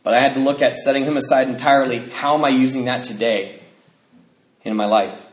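A man sharing his story with a group, animated and laughing often, jumping high in pitch when he acts out other people. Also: a little fast, roomy sound.

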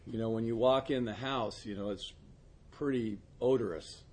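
A man's voice: mid-range voice, normal speed, a little mellow. A man acting as a recovery sponsor, telling a casual anecdote, laughing often and stumbling over repeated words.

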